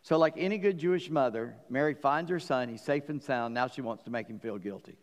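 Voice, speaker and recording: A middle-aged man preaching a sermon, telling stories with joking asides and swinging between loud and quiet. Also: medium pitch, fairly quick. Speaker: pastor. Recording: long hall reverb.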